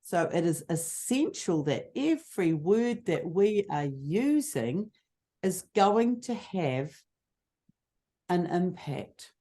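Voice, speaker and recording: A woman teaching public speaking, showing voice techniques with lively examples. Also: deep voice. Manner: expressive, demonstrates voice techniques. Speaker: speaking coach. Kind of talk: teaching on a video call.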